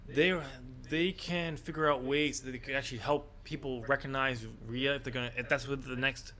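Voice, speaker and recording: A man's voice: mid-range voice, steady tone, normal speed, bright, forceful tone. A man co-hosting a casual wrestling predictions podcast, talking in a hesitant way with many fillers. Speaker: podcast co-host.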